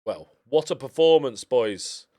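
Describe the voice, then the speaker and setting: A man's voice: medium pitch, lively intonation, unhurried, mellow. A man giving chatty let's-play commentary on a football management game, cheering his team on as matches play out, recorded on a desk microphone. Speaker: video game streamer.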